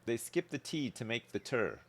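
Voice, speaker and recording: A man's voice: mid-range voice, animated, moderate pace. A Canadian man chatting casually on a live gaming stream, rambling and laid-back, swearing freely and chuckling often.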